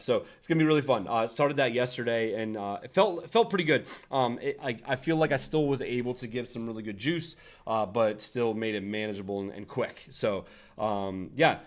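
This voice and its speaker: A young man hosts a relaxed design livestream, talking off the cuff with lots of restarts. His voice sits at a medium pitch, and he laughs often as he answers his chat. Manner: rambling, restarts, frequent laughs and asides to chat. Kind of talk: casual livestream chat and tutorial.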